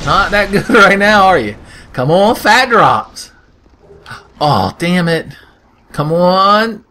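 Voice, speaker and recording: A man's voice: on the high side, bright, forceful tone, a little hiss or hum. A young man giving casual, joking gameplay commentary with crude humor, often slipping into silly voices. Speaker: let's play host.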